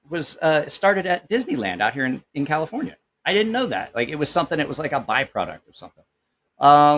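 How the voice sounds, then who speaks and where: A man in his forties talks at a middling pitch. He chats casually on a live stream, drifting from one story to the next and dropping curse words without a second thought. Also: fairly bright tone. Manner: rambling storyteller who swears freely. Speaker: knife channel host. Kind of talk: casual live-stream chat, reading comments.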